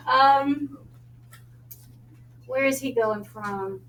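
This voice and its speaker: A woman math teacher with a Long Island accent, teaching a class in a brisk, joking way and quizzing her students. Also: high-pitched. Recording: echoey classroom, faint noise.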